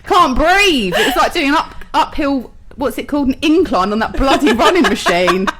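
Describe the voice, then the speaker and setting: Young woman, podcast co-host, jokey, sweary, slightly high voice. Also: animated, a little slow, heavy background noise. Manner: swearing, jokey, laughs often. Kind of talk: casual chat.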